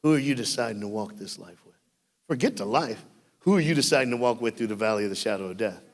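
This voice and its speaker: Male youth speaker, lively sermon storyteller, jumps from loud to hushed, long church reverb. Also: on the low side, fast. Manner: animated storytelling with jokes, shifting from loud bursts to hushed.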